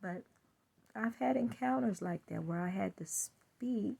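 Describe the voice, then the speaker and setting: A woman's voice: medium pitch, unhurried, gravelly, dark tone, breathy edge. A woman telling a personal story in a chatty way, laughing now and then and acting out what people said. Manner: chatty, laughs while telling, acts out quotes.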